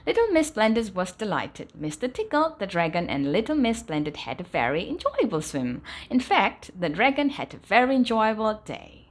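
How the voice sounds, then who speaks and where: A woman reading a children's storybook aloud at bedtime. Her intonation is lively and animated, rising for excitement and sinking softly at the ends of sentences. Her voice sits at an ordinary pitch. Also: normal speed, few pauses. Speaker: storybook reader.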